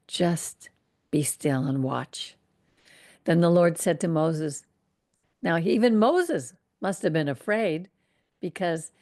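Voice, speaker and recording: Woman Torah teacher, lowish and gravelly, very slow and deliberate, reading scripture with reflective asides. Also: darkish tone.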